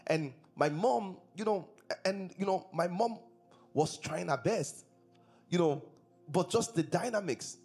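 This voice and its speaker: A male pastor delivers a sermon in a husky, somewhat raised voice. He repeats his points and poses questions to his listeners. Faint music plays softly in the background. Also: high-pitched, lively intonation, unhurried. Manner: preaching with repetition and rhetorical questions to the congregation. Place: church service.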